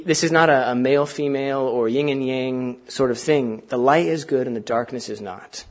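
A man preaching a sermon to a church congregation, talking in a conversational way with fillers and asides, and reading scripture aloud slowly. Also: medium pitch, breathy edge. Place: church sanctuary.

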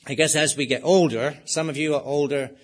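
A man's voice: a little high, fairly even intonation, fairly quick. A middle-aged man preaching a sermon, explaining scripture in a conversational way, with rhetorical questions and emphatic readings of the text. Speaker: pastor. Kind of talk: expository sermon.

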